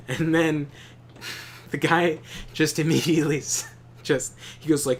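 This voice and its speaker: A young man streaming a game, telling animated, profanity-laced stories in casual chat. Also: on the high side, takes it slowly, pauses often, slight background noise. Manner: animated storytelling, swears often. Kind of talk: casual chat while gaming.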